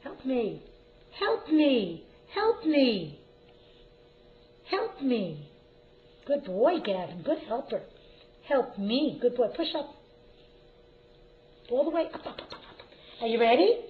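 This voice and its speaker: A woman at home slowly and encouragingly coaching a child through word practice, with lots of repetitive prompting. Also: on the high side, very animated, slight background noise. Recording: dull lo-fi home video.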